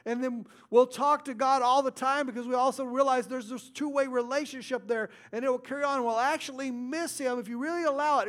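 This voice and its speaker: High-voiced preacher man, swelling and hushing. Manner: swings between loud stresses and hushed asides. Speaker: pastor. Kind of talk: sermon.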